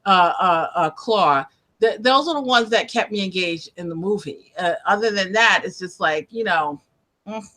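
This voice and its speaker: A woman's voice: mid-range voice, expressive, normal speed, fairly bright tone. A woman interviewer chatting casually about films, laughing often and trailing off mid-sentence.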